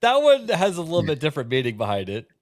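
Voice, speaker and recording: A man guesting on a casual podcast, relaxed and quick to laugh. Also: fairly high pitch. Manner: giggly, relaxed. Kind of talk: casual chat.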